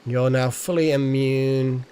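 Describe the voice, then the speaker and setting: A man's voice: medium pitch, little pitch movement, slow, mellow, clear, resonant tone. A man streaming a game live, chatting casually and thinking aloud as he plays. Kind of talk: casual live gameplay commentary.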